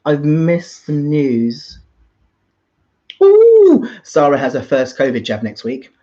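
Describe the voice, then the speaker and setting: A man's voice: medium pitch, a little slow, warm tone. Young guy hosting a stream, reads chat out, keeps laughing, muffled audio. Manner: chatty, laughs often, reads out viewer comments. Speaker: livestream host. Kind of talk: casual livestream chat.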